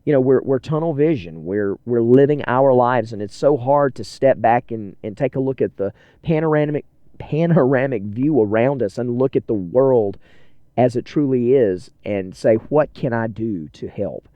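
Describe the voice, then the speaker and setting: A man's voice: mid-range voice, expressive, moderate pace, dry recording, dull audio. A man hosting a podcast, chatting casually and earnestly to listeners from inside his car as he drives. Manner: earnest, rambling, self-deprecating. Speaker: podcast host. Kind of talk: casual solo chat while driving.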